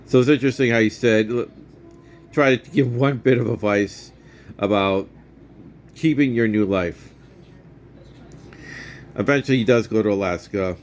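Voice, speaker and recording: A man's voice: on the low side, normal speed, long pauses, a little hiss or hum. A man in his fifties casually retelling and reviewing a movie for his vlog, rambling with many restarts.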